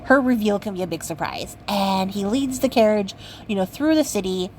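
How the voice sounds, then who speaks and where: A woman's voice: mid-range voice, normal speed, darkish tone, a little hiss or hum, poor audio. A young woman hosting a craft channel, retelling a fairy tale in a chatty, playful way with lots of fillers. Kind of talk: casual story retelling.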